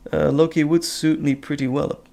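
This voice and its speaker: A man hosting a casual live stream, chatting in a relaxed, rambling way with chuckles. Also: fairly high pitch, creaky. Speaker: host.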